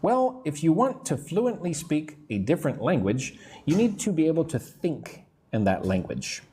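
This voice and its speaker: A man teaching an English lesson on a live stream, reading out viewers' comments, answering them casually, and slowly drilling pronunciation. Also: a little high, very animated, warm tone, slight background noise. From United States. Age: adult, not young.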